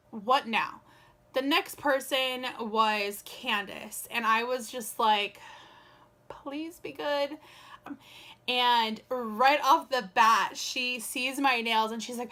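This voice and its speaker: A young woman vlogging straight to camera, telling a story in a loose, chatty way. She throws "like" in everywhere and acts out both sides of every exchange. Her voice sits a bit high and rings with a bright, forward edge. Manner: chatty, lots of "like" and quoted dialogue. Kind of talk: casual storytelling vlog.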